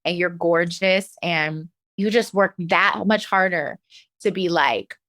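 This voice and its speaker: A woman, a professional dancer, talking as a guest in a casual interview, animated, laughing often and acting out what people said to her. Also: fairly low pitch, takes it slowly. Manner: animated, laughs often, acts out quoted voices.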